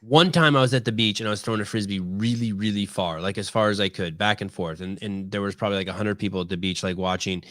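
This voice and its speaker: Profane storytelling podcast host, low voice. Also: male voice, fairly even intonation, quick pace, hardly any pauses, a bit bright, dry recording, studio quality. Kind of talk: casual podcast chat.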